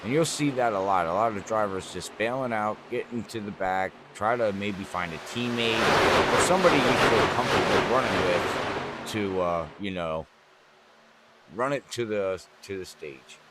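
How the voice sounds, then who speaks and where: A man giving color commentary on a sim racing event, rambling through relaxed analysis. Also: lowish voice, moderate pace, background noise.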